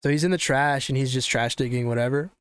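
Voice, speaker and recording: A young man hosts a casual podcast, spinning a rambling, swear-filled story with lots of restarts. His voice is smooth and resonant at a middle pitch. The sound is dry and close, with no room echo. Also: quick pace. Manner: profane, animated, rambling with restarts. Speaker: podcast host.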